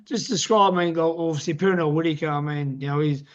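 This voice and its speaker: A male interview host who hesitates and uses lots of fillers while agreeing with his guest. His voice is a little high, and the recording sounds muffled and lo-fi. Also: fast. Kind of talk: casual interview. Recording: muffled lo-fi audio.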